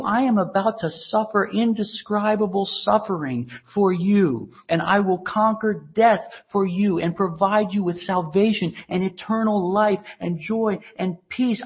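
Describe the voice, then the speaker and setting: A man's voice: high-pitched, voice pushed up. A man preaching in the first person as a male teacher pleading with his followers, earnest and emphatic. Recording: dull lo-fi recording.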